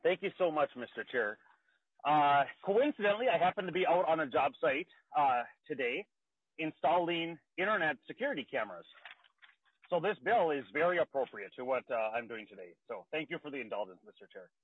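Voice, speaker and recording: A man, a state legislator, presenting a bill over a phone call from outdoors, out of breath and talking haltingly with many fillers and restarts. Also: fairly high pitch, expressive, breathy edge. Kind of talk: remote committee testimony. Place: outdoors near a car. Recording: tinny dry phone line.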